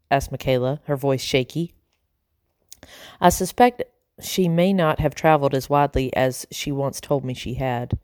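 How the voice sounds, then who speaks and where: A woman narrating a children's storybook in a calm, even reading voice. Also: extremely low pitch, moderate pace, dry recording, studio quality. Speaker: audiobook narrator.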